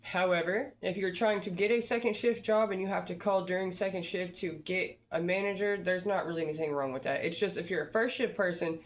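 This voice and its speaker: Woman giving direct job-hunting advice. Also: fairly low pitch. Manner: direct, coaching, repetitive pep talk. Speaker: job-search advice host. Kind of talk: motivational advice talk.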